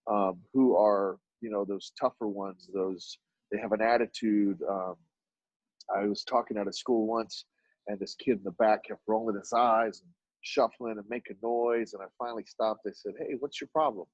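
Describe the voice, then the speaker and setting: Husky man telling stories, muffled dry sound. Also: normal speed, no room sound. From Oak Cliff, Dallas, Texas. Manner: animated storyteller who acts out dialogue with sudden jumps in pitch. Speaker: podcast guest, artist and business owner. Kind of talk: storytelling in a conversational interview.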